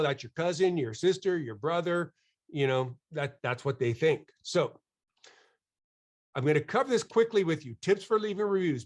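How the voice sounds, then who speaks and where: Upbeat man presenting a marketing webinar. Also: fairly high pitch. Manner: energetic and enthusiastic, joking with the audience. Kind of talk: lively presentation to a live audience.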